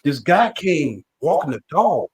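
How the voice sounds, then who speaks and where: A man, a podcast guest telling a story with animated energy and acting out the lines he quotes. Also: fairly high pitch, a little slow, rough recording. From Mississippi. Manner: repeats and acts out his own quoted lines.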